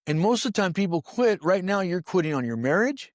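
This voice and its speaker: A man's voice: high voice, very animated, brisk, dry recording, clean studio sound. A man who was once a pastor tells stories in an interview with an emphatic preaching cadence and repeats phrases for effect. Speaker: guest, former pastor. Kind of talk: storytelling interview talk.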